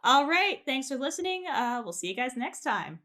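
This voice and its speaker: Young woman, podcast host, slightly high voice, casual chat, laid-back delivery. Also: normal speed, slight background noise. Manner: relaxed, with fillers and light laughs.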